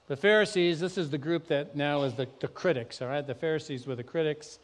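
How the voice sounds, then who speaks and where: A man preaching a sermon, talking conversationally and then rising to loud, emphatic peaks. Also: a little high, brisk, few pauses, long reverb tail. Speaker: pastor. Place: church sanctuary.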